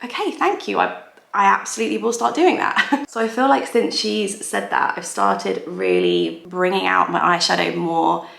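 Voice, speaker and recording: An English beauty vlogger chats casually and giggles while doing her makeup for a get-ready-with-me video, coming across as chatty, giggly and self-deprecating. Her voice is medium-pitched, steady and a bit bright with vocal fry, at a moderate pace. The room she records in is echoey.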